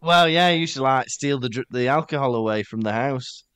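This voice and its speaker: A man's voice: mid-range voice, fairly quick, smooth, no room sound. A Welsh man co-hosting a podcast, chatting casually and telling jokey stories. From Wales. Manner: joking, animated storytelling. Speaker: podcast co-host. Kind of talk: casual chat.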